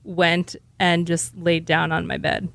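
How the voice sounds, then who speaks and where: A woman's voice: lowish voice, little pitch movement, slow pace, vocal fry, dry recording. A woman chatting casually on a podcast segment, candid and rambling, frank about her own habits. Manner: candid, self-deprecating, rambling. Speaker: segment co-host. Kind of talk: casual chat.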